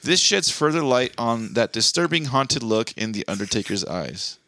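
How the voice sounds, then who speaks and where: A man's voice: mid-range voice, sing-song, moderate pace, pushed and bright, dry recording. A man co-hosting a casual comedy podcast, joking around and reading mock news stories. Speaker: podcast co-host.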